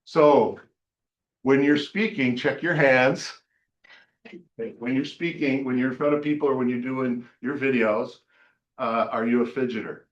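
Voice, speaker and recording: A man leading a team workshop in a meeting room, joking and energetic as he runs practice drills. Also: mid-range voice, measured pace, dull audio. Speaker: team leader coaching agents. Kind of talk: workshop coaching talk.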